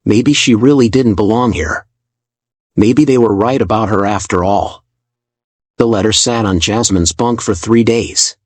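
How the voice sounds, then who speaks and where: Low-voiced man narrating a story. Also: a little slow, no echo.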